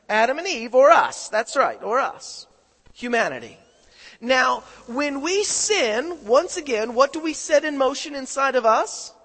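With a very high, sharp-toned voice, a man delivers a sermon built on call-and-response, constantly asking his congregation questions and urging them to answer. The recording carries echoing hall reverb.

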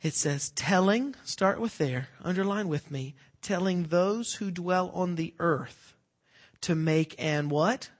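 High-voiced man preaching with call-and-response. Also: slow pace. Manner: asks the congregation fill-in-the-blank questions; swings between hushed and loud emphatic preaching. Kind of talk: sermon.

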